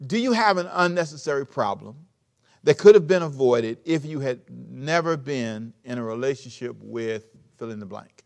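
A man with a somewhat high voice delivers a sermon, reading scripture and then breaking it down in everyday speech. He repeats key phrases and turns to his listeners with direct questions. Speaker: preacher.

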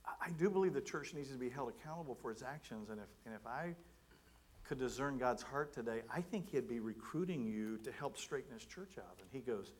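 A middle-aged man giving a sermon, telling a personal story in an animated way and acting out his own thoughts. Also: medium pitch, brisk, slightly rough. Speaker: guest preacher.

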